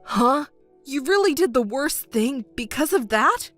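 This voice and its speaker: A woman's voice: high-pitched, expressive, unhurried, fairly bright tone, no echo, soft background music. A woman reading the part of a cheating husband in a texting story, pleading and defensive, stammering when cornered. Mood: angry. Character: cheating, embezzling husband, adult man.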